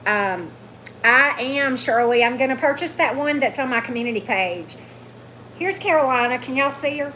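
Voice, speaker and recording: Sitting at a table at home, a chatty woman hosts a casual tarot livestream, her sharp-toned voice going hoarse from hours of talking at normal speed. She reads out and thanks viewers' comments and calls her dog in a high, coaxing voice, with faint room noise behind her.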